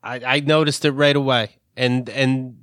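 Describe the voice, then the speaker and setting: A man's voice: mid-range voice, steady tone, unhurried, a bit bright, no room sound, clean studio sound. A man co-hosting a podcast in casual chat, blunt, sarcastic and swearing freely. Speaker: podcast co-host.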